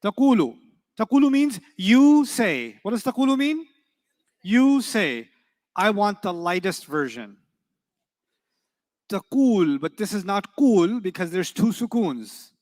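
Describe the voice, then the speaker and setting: High-voiced man teaching in a hall. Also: sing-song, a little mellow. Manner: quizzing students with quick rhetorical questions; playful and teasing. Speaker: Arabic teacher. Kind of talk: classroom grammar lesson. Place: classroom with students.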